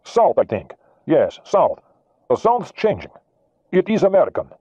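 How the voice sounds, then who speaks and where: A man voicing a young Soviet midshipman who gives crisp, dutiful sonar reports in an audiobook reading. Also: on the high side, very animated, unhurried, mellow, no echo, dull audio, voice pushed up, full character voice.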